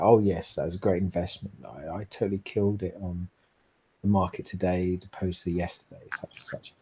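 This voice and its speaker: Man, game master, rambling narration, mellow, slightly husky. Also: medium pitch. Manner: descriptive, rambling, many fillers.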